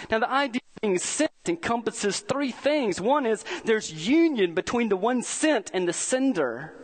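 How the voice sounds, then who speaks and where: Man, pastor, sermon, high-pitched, earnest storytelling, slowed emphasis. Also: rough recording.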